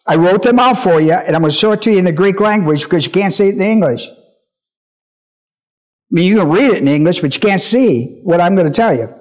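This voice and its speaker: Male pastor, high voice, emphatic Bible teaching, repeats points and checks the room. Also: expressive, quick pace. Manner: emphatic, repeats key phrases, checks listeners' understanding.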